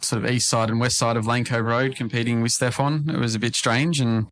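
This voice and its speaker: A man's voice: medium pitch, steady tone, brisk, fairly bright tone. A man in a podcast interview, telling work stories in a matter-of-fact way. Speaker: real estate agent guest.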